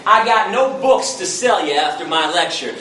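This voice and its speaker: A man's voice: high voice, lively intonation, normal speed, pushed and bright, slight background noise. A man from the United States giving a passionate public lecture, blunt, fiery and confrontational, heard from far off in an echoey hall.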